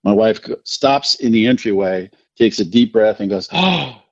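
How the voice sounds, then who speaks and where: A man's voice: lowish voice, moderate pace, no room sound. Rambling storyteller man, dry dull sound. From New Jersey. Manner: rambling, animated anecdotes with self-deprecating laughs. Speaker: podcast guest, recovery speaker. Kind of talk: casual storytelling.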